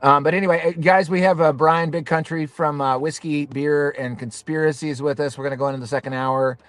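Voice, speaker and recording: Male podcast host on a video call, dry close sound, easygoing and halting. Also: on the high side, fairly even intonation, no echo. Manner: laid-back, hesitant, many fillers. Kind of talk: casual livestream chat.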